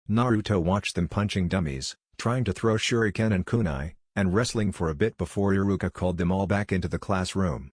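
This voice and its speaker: A man narrating a fan fiction story in an even, steady reading voice. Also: sits low, dry recording, studio quality.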